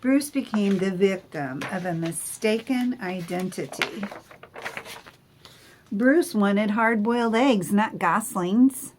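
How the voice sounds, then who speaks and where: A woman reading a picture book aloud to children, gently asking them questions. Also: mid-range voice, slow pace, background noise.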